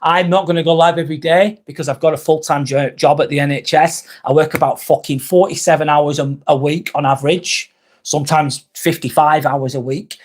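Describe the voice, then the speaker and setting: Man, live-stream host, raised pitch, candid, rambling, heavy swearing. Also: steady tone, brisk. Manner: confessional, reads viewer comments aloud.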